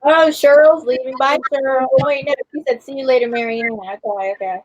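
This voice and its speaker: High-voiced chatty woman livestream host. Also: fairly even intonation, fairly quick, poor audio. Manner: chatty, greets viewers by name. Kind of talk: casual live chat.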